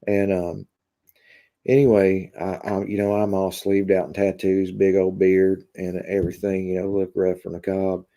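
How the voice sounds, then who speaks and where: A man hosting a live stream, chatting casually with viewers in a deadpan, rambling way full of fillers. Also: sits low, moderate pace. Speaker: live-stream host reading chat.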